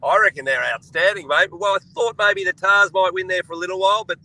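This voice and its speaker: A middle-aged man with an Australian accent chats about sport in a blokey way, calling everyone mate. His voice is very bright and sits a little high. He calls in by phone from a boat. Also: steady tone, quick pace, no echo, poor audio. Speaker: guest. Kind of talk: casual sports chat. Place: on a boat, outdoors. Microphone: phone or video call.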